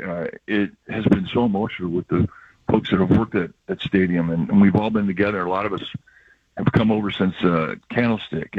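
An older male baseball broadcaster chatting on the radio, reflective and rambling, with a husky voice. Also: fairly low pitch, no room sound. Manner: reflective, rambling storyteller with laughs. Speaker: baseball broadcaster, regular guest. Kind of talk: emotional casual radio chat. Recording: dull lo-fi radio audio.

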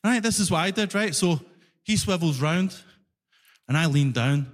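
A man with a Glaswegian accent doing stand-up, telling a story in an animated, exasperated way with shouted punchlines, live in a large concert hall. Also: a little high, moderate pace. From Scotland. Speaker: stand-up comedian.

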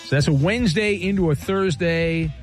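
High-voiced joking radio host. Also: male voice, faint music behind. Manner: brisk, joking, teasing. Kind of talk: casual sports-talk radio banter.

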